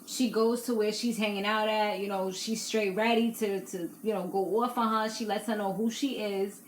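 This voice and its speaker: Chatty opinionated young woman, echoey room. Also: medium pitch. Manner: chatty, opinionated, laughs often. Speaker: YouTube recap host. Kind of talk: casual reality TV recap. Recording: echoey room with faint noise.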